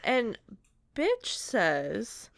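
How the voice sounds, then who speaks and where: A woman's voice: a little high, huge pitch swings, very slow, gravelly, no room sound, clean studio sound. Playful, giggly woman podcast co-host. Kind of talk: casual chat.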